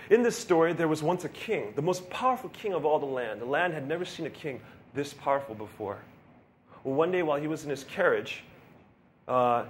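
A young man preaching a casual, conversational sermon, animated and often asking his listeners questions. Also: on the high side, slight background noise. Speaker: pastor.

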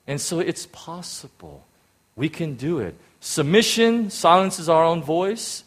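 A pastor preaching a sermon with emphatic delivery, often repeating words and swinging between loud and quiet phrases. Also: male voice, fairly high pitch, unhurried. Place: church in Hong Kong.

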